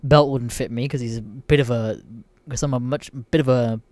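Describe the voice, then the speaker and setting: A man's voice: mid-range voice, steady tone, normal speed, a little mellow. A young Australian man hosting a podcast, telling a story casually with lots of swearing and laughter. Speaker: podcast host.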